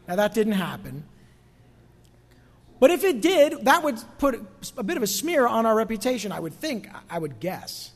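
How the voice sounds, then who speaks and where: A man preaching a conversational sermon as pastor, dropping quiet for emphasis and rising for asides. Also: very high voice, very animated, moderate pace, in a large hall. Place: church sanctuary.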